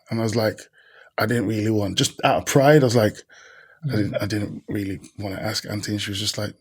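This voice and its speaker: This husky, low-voiced man from Birmingham, England, is a podcast guest telling stories in a casual interview. He's brisk and animated, talking in slang and acting out the people he quotes as he voices them.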